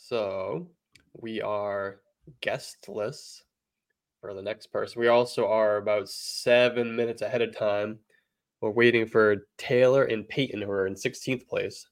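A man's voice: fairly low pitch, steady tone, unhurried. A man co-hosting a podcast, chatting in an easygoing, upbeat way. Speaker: podcast co-host. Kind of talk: casual chat.

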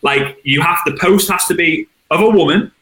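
A man talks as an interview guest, spinning chatty, animated anecdotes. His voice sits a touch high and has a sharp, forceful edge. The room around him rings with a noticeable echo. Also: normal speed. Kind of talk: casual interview storytelling. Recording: roomy echo.

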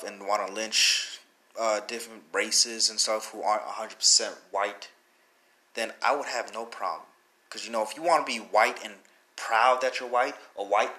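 A man's voice: fairly low pitch, bright, forceful tone. A young man hosting a podcast, talking in an earnest, emotional way, rambling with many restarts. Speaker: podcast host. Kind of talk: personal commentary podcast.

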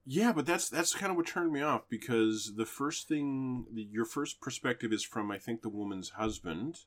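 A man's voice: medium pitch, moderate pace. A man co-hosting a podcast, casually chatting and loosely retelling a movie plot with fillers and the odd swear. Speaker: podcast co-host. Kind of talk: casual chat reviewing movies.

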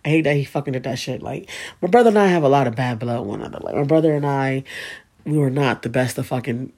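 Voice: medium pitch, quick pace, a little mellow. A speaker telling a painful personal story in a casual, candid way, swearing often and speaking with emotion.

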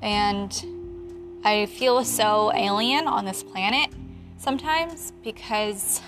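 A woman in her late twenties, a photographer, chatting casually in an animated, heated way and laughing often. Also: medium pitch, slow, music in the background. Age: 20s. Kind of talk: casual chat.

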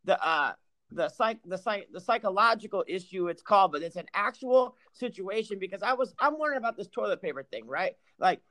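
A man's voice: sits high, brisk, no room sound. A man co-hosting a podcast, chatting casually and telling profane stories full of asides. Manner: profane, animated storytelling with asides. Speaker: podcast co-host. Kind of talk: casual chat.

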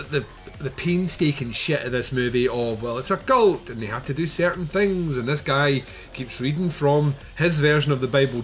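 A man's voice: mid-range voice, a bit bright. A man co-hosting a podcast, chatting casually and animatedly about a film, laughing often and swearing freely. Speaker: podcast co-host reviewing a film. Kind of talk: casual chat.

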